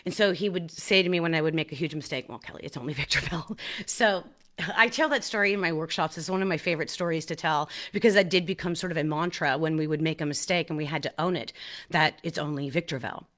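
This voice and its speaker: A woman hosting her own podcast in a casual, animated solo talk, laughing at herself and often restarting her sentences. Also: sits low, fast talker. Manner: excited restarts and repeated words. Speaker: podcast host.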